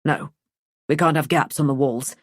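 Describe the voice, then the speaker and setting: A woman reading an audiobook, voicing a sharp, controlling husband who speaks curtly and with sarcasm. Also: low voice, fairly even intonation, moderate pace, husky, dry recording, clean studio sound, pitched below the performer's own voice. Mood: scheming. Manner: curt, sarcastic, snapping.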